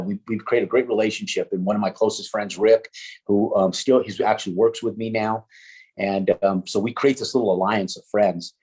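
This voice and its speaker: Husky-voiced man telling a story. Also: on the low side. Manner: swears casually, animated with quoted dialogue. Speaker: interview guest, entrepreneur. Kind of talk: casual storytelling.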